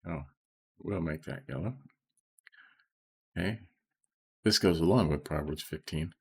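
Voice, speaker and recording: A middle-aged man reading scripture and explaining it in an informal, soft-spoken way, often checking in with "okay?" and slowing down on key phrases. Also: low-pitched, slightly rough. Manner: slows right down to stress key phrases. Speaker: Bible study teacher.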